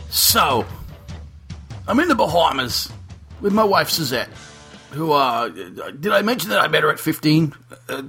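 A man's voice: fairly high pitch, slightly rough, heavily acted. A man doing a ranting, boastful rock star. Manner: ranting with shouted outbursts and stammering repeats. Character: brash foul-mouthed boastful aging male rock star. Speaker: podcast host. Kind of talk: comedic impression on a podcast.

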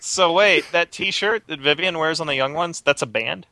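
A man in casual chat, making wry deadpan jokes. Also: fairly high pitch, moderate pace, no echo.

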